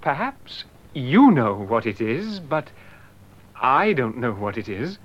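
Polite, bewildered young man, slow and lively in tone. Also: medium pitch. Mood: polite, puzzled. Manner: slow, polite, with awkward laughs. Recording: dull lo-fi old tape.

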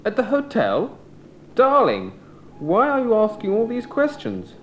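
An exasperated traveler with a high, swooping voice. It sits on a dull, lo-fi tape with a faint hiss. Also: male voice, huge pitch swings, measured pace, heavily acted. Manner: exasperated, sarcastic. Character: impatient male traveler.

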